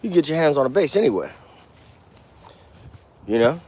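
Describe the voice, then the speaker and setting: A man teaching bass in a casual walk-and-talk outdoors, talking blunt street slang with cursing and counting beats out loud. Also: sing-song, normal speed, a little hiss or hum. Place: outdoors, walking.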